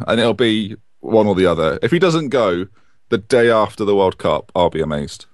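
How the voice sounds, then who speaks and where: Podcast co-host, low lively voice, dry close sound, jokey rambling chat. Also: male voice, moderate pace, no room sound. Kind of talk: casual football chat.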